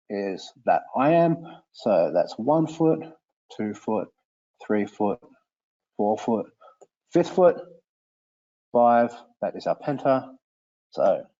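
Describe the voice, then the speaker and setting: A man teaching, demonstrating software for a lesson in an explanatory, enthusiastic way. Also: very slow, pauses often, dull audio. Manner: explanatory, enthusiastic, with lively pitch swings.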